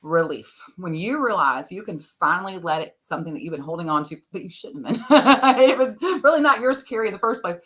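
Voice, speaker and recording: A woman's voice: on the low side, animated, brisk, hardly any pauses. A middle-aged woman guest on a podcast, telling stories casually and laughing often. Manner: warm storyteller, laughs often. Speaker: podcast guest, tarot reader. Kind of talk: casual interview talk.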